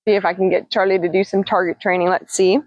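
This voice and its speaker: A woman's voice: medium pitch, level tone, fast talker, no echo, lo-fi sound. A woman hosting a casual livestream as a parrot trainer, chatting with viewers and cooing to her birds in a singsong voice. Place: outdoors.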